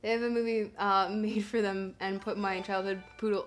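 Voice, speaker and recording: A woman's voice: medium pitch, flat delivery, normal speed, few pauses. A young woman streaming live, chatting casually, bubbly and giggly as she gushes thanks to her viewers. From Canada.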